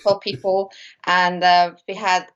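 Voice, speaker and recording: A woman's voice: on the low side, little pitch movement, normal speed, a bit bright. A woman chatting casually on a live stream about a course she took, hesitant and full of fillers and restarts. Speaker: course student. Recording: dull lo-fi stream audio.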